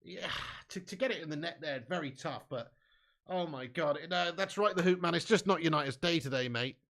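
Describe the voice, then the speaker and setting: Speaking fairly fast, a man running a live football watch-along for fans swears freely and gets worked up, his delivery swinging from low grumbling up to full-volume shouting.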